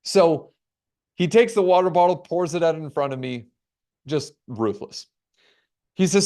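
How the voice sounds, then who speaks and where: A man giving a webinar keynote, telling a story with dramatic pauses and acting out the dialogue. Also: fairly high pitch, mellow. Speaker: keynote speaker. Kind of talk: storytelling talk.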